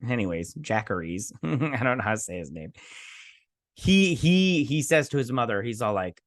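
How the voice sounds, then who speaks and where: Host, male, mid-pitched, dry close sound; rambling casual recap, swears freely. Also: sing-song, moderate pace, no room sound. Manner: rambling, many restarts and "he's like" paraphrases; loose and profane.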